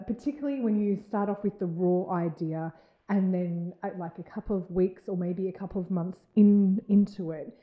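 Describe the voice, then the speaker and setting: Woman interviewer in an echoey room. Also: medium pitch. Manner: enthusiastic, rambling questions with many fillers. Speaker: interviewer, library host. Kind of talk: casual conversational interview. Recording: dull echoey room sound.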